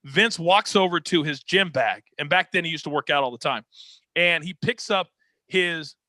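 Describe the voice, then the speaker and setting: A man telling a dramatic story as an interview guest, energetic and expressive, on a close podcast mic. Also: on the high side, moderate pace, dry recording. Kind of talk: animated storytelling.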